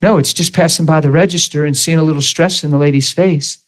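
A man's voice: on the high side, fairly even intonation, fast, poor audio. A middle-aged male preacher delivering a sermon, telling stories and acting out the dialogue in them. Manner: storytelling, acts out dialogue with shifts in loudness.

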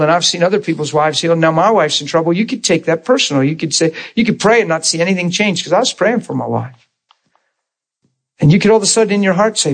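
A middle-aged man preaching a conversational sermon to a small class. He asks the room for agreement and acts out prayers and God's replies in quoted voices. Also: a little high.

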